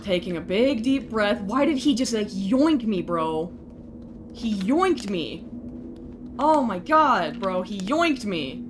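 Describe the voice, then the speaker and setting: Slow-talking frustrated woman streamer. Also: mid-range voice, very animated, noisy background. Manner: frustrated, exclaiming and groaning at the game. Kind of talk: gameplay stream chat.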